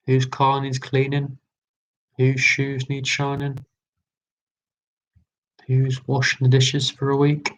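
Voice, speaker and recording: A man's voice: medium pitch, completely flat delivery, takes it slowly, pauses often, a little hiss or hum, poor audio. A man hosting a live online quiz, chatty and repeating his lines. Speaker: quiz host.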